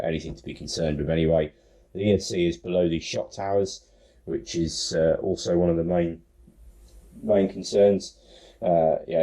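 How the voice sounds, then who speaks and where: Middle-aged male host, deep and mellow voice, relaxed build walkthrough with frequent ums. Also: low-quality recording. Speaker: RC hobby channel host.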